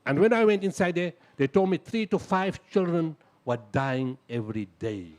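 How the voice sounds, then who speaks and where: A man's voice: a little high, expressive, moderate pace, a little mellow. A middle-aged man, telling a dramatic story at a live talk, acting out the dialogue and hammering home lists. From South Africa. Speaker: humanitarian speaker.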